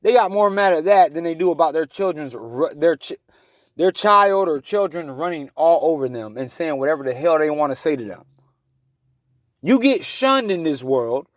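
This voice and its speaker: A man in his thirties, living in his car in the woods, delivers a heated, rambling personal monologue as a talk show host, restarting often. His voice is fairly high and a little fast, recorded dry.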